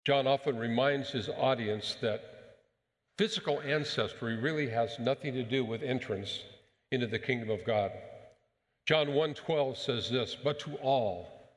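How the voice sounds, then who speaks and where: A male pastor giving a sermon, speaking in an emphatic, measured way and putting rhetorical questions to the congregation. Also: medium pitch, long reverb tail.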